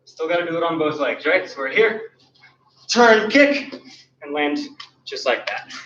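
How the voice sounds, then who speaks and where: A man's voice: a little high, lively intonation, unhurried, fairly bright tone, a little hiss or hum. A man teaching an online martial arts class, cueing and counting kicks as he demonstrates them, out of breath. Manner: counts and cues moves while demonstrating kicks. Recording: roomy, distant, dull sound.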